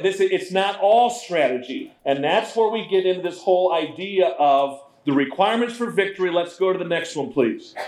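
A man preaching a sermon as pastor, in a conversational, animated way, often slipping into voices. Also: fairly high pitch. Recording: roomy echo.

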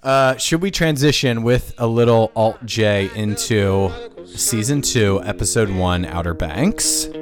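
A man's voice: fairly low pitch, a little slow, music in the background. A man co-hosting a casual podcast, telling stories in a rambling way and laughing between his lines. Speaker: podcast co-host.

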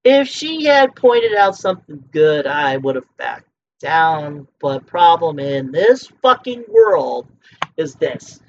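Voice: mid-range voice, big pitch swings, takes it slowly, vocal fry, a little hiss or hum. A drunk podcast host in a heated, profane solo rant. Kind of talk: solo ranting monologue. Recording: muffled lo-fi with faint clicks.

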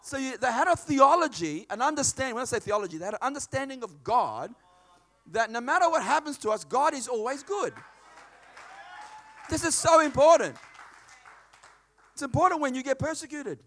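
A man's voice: very high-pitched, moderate pace, long pauses. A middle-aged man preaching a sermon, telling stories with acted-out dialogue. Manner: animated storytelling, acts out dialogue in a hushed voice.

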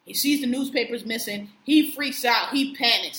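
Animated woman recapping a movie. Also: fairly high pitch, a little fast, few pauses. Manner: animated retelling, acting out characters' lines, frequent profanity. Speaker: podcast co-host recapping a film. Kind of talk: casual storytelling chat. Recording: echoey room with faint noise.

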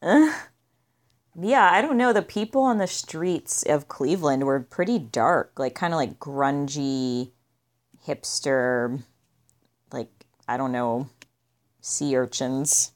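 Low-voiced woman musing dryly. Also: slow. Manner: dry, musing, trails off with "I guess". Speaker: podcast co-host. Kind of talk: casual movie discussion.

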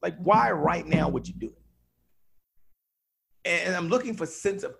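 A man coaching on sales as a podcast guest, emphatic and animated, acting out little dialogues. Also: sits high, moderate pace, gravelly, slightly rough.

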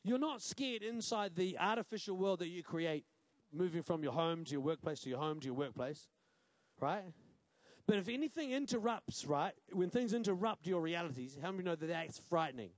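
A male pastor with a New Zealand accent preaching a sermon, punchy and quick to quiz the congregation with "right?". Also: high voice, lively intonation, no room sound. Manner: punchy, asks the crowd "right?" often.

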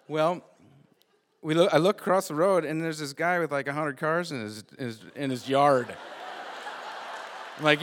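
A man telling a personal road-trip story live, animated and often repeating or restarting his words. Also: fairly high pitch, normal speed, pauses often, a little hiss or hum. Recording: long hall reverb.

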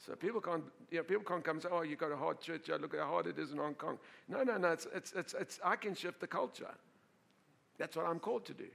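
A male pastor preaching a sermon to a congregation, telling a story in an animated way, laughing and often repeating and restarting his words. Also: a little high, fast, vocal fry.

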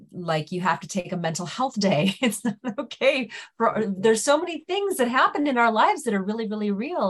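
A woman speaking earnestly and thoughtfully in a panel discussion, pausing with fillers as she works out her ideas. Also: medium pitch.

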